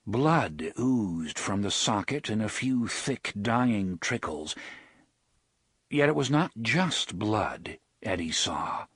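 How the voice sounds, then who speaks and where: Husky, slow-paced man reading a novel with animated pitch, dry booth sound. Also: dry recording. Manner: measured, expressive storytelling. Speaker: audiobook narrator. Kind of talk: scripted narration.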